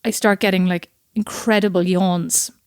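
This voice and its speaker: A woman's voice: lowish voice, smooth, no room sound, studio quality. Chatty woman co-hosting a podcast. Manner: chatty, animated storytelling with quick asides. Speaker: podcast co-host. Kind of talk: casual chat.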